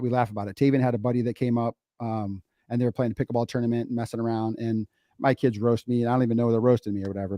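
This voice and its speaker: Middle-aged man, mellow warm tone, dry close mic, animated storyteller, casual podcast chat. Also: mid-range voice, no room sound. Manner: animated storytelling, repeats phrases for emphasis. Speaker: podcast co-host, father.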